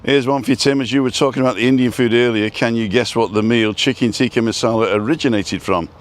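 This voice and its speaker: A man's voice: mid-range voice, fairly even intonation, quick pace. A man hosting a casual outdoor live stream, rambling and reading out viewer comments as he goes.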